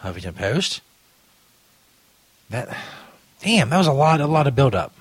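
A man's voice: mid-range voice, sing-song, unhurried, breathy edge, no room sound. A man hosting a podcast in a casual, rambling, crude style, often laughing at his own jokes. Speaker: podcast host. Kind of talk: casual commentary chat.

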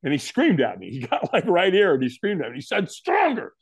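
A man's voice: fast, vocal fry, breathy edge, dry recording, clean studio sound. A middle-aged man, a guest in an interview, telling a story and acting out what people said to him. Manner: animated, acts out quotes with big pitch jumps.

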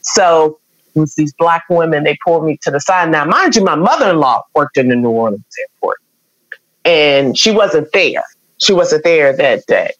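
A woman's voice: deep voice, animated, normal speed, no echo, highs cut off. A middle-aged woman, earnestly telling an emotional personal story as an interview guest. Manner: emotional, earnest, acts out quoted voices.

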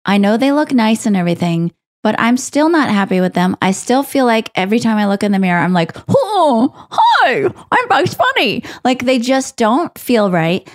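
A woman's voice: mid-range voice, a little fast, hardly any pauses. A woman co-hosting a podcast in casual chat, ranting with swearing about her own troubles. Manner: ranting, animated complaining with swearing. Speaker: podcast co-host.

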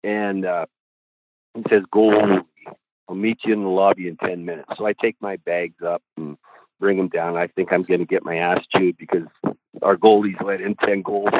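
A man's voice: sits low, steady tone, normal speed, no echo. A middle-aged man, a goalie coach, telling rambling stories on a podcast with chuckles and casual swearing. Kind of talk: podcast storytelling. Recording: tinny phone-like line, dry.

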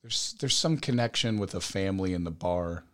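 Man, podcast co-host, fairly low voice, easygoing, self-mocking, casual chat. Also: expressive, moderate pace, fairly bright tone.

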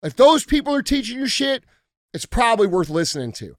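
A middle-aged man hosts a podcast and talks in a fired-up, profane rant. His voice sits high for a man. The sound is close and dry, with no room echo. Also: very animated, fairly quick. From United States. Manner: blunt, profane, heated ranting. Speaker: podcast host. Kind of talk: casual podcast talk.

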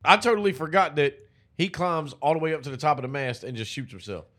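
A man in casual movie-review banter, animated and profane, joking a lot. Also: on the high side, fast. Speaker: podcast co-host.

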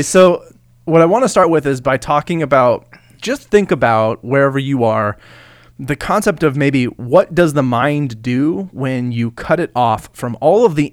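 A man in a relaxed podcast chat, chuckling easily and winding through his points with fillers and restarts. His voice sits at an ordinary pitch and is recorded close and dry, with no room sound. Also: no room sound. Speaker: podcast co-host. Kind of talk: casual chat.

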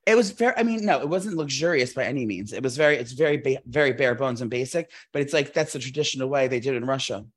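A man's voice: mid-range voice, fast talker, few pauses. A man in his thirties co-hosting a podcast, telling long rambling stories in casual chat with lots of fillers. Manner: rambling, animated storytelling with many fillers. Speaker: podcast co-host.

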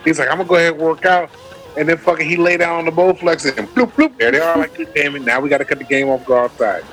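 A man's voice: a little high, fast talker, soft background music, low-quality recording. A man co-hosting a casual podcast, telling a rowdy story with lots of swearing and acted-out quotes. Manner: animated storyteller, acts out quotes, swears freely. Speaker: podcast co-host.

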